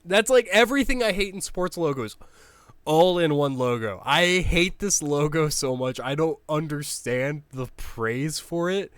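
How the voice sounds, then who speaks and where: A man's voice: on the high side, expressive, a little slow, fairly bright tone, dry recording. A man giving casual, opinionated commentary, ranting bluntly with swearing and frequent restarts. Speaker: sports logo ranker.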